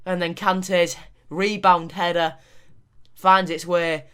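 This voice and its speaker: A man narrates a football video game match with lively commentary. He calls the plays quickly and sounds animated, in a casual gaming-channel way. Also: high-pitched, clean tone. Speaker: gaming YouTuber.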